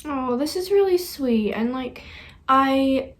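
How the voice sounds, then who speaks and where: A woman's voice: high voice, animated, slow. A young woman hosting a reaction video, chatting casually and earnestly and getting easily moved.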